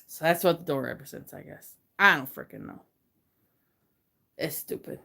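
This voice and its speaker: A woman's voice: sits low, moderate pace, gravelly, breathy edge. A woman chatting casually on a livestream from her messy bedroom, rambling and getting hyper, talking into her phone. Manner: rambling, gets hyper and excitable. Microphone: phone camera.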